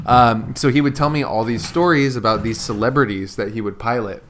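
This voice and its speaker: A male podcast co-host in a loose, rambling chat. He swears freely, doubles back on his words, and piles up his story as he talks. His voice sits at a middling pitch. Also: brisk, a bit bright, slight background noise. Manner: rambling storyteller, many restarts and profanity. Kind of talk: casual chat.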